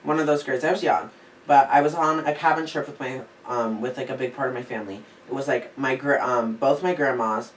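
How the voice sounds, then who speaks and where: A man's voice: medium pitch, a little fast. A young man telling a story in a casual chat, rambling with lots of "like" fillers. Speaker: podcast co-host. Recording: echoey room, distant mic, faint hiss.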